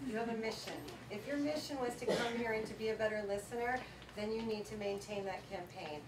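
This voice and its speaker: Woman, workshop presenter, slightly high voice, chatty storytelling, echoey room, background noise. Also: fairly quick, recorded from a distance. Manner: lively, chatty storytelling with frequent laughter. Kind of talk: motivational workshop talk to a live audience. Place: event room with a seated audience.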